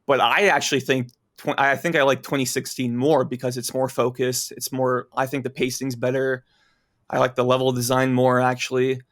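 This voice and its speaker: A man's voice: medium pitch, little pitch movement, moderate pace, fairly bright tone. A man in casual podcast chat, easygoing, talking with lots of filler words. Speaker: podcast guest.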